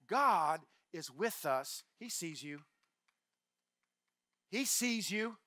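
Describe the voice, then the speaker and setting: An older man preaching a sermon as pastor, emphatic, repeating key phrases and swinging from quiet asides to shouts. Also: high voice, no echo, studio quality. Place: church.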